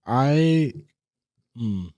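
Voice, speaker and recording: A man's voice: medium pitch, lively intonation, drawn-out words, dark tone, no room sound. A young adult man co-hosting a podcast, talking in a reflective, hesitant way and restarting his sentences. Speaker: podcast co-host. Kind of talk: casual chat.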